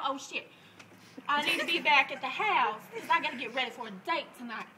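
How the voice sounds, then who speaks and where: A man voicing a brash, crude young woman who laughs through her loud improvised comic story. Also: very high-pitched, noisy background.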